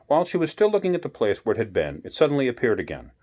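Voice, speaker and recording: A man reading a children's classic aloud as a bedtime story, gentle and unhurried, adding asides to the listener. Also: mid-range voice, wildly swooping pitch.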